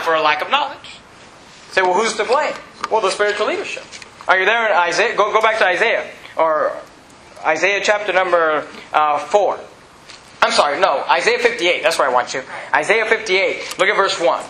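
A man's voice: bright, forceful tone, slight background noise. A man preaching at a Bible study, emphatic, with many rhetorical questions and repeated phrases. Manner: emphatic preaching that rises in pitch; frequent rhetorical questions and repetition. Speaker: pastor. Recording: echoey room with faint ambience.

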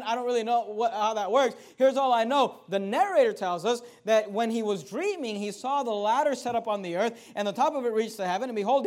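A preacher with a notably high-pitched man's voice works through a Bible passage in sermon style. He is emphatic, swinging from loud, lifted declarations to quiet asides, and he keeps pressing his listeners with rhetorical questions. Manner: emphatic, rises and falls sharply in loudness, rhetorical questions.

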